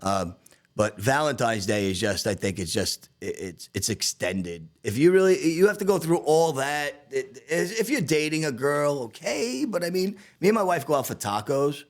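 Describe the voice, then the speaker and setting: Profane, animated chef from Staten Island. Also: male voice, a little high, normal speed. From Staten Island, New York. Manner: profane, laughing, animated storytelling. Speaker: podcast co-host, chef. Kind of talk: casual podcast chat.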